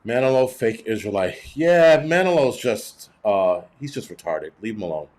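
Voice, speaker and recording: A man's voice: on the low side, lively intonation, moderate pace, a little mellow. A middle-aged man hosting a livestream, reading chat and ranting bluntly with heavy cursing in a cranky, rambling way.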